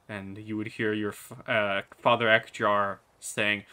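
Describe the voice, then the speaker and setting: A man's voice: lowish voice, flat delivery, a little slow, pushed and bright. A man narrating a tabletop game as game master, describing scenes in detail.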